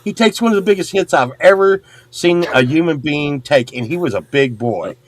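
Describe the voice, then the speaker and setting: A middle-aged man telling a rowdy story in casual chat, swearing and loudly acting out the people in it. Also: a little high, normal speed. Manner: animated, swearing, acts out quotes loudly. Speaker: podcast host.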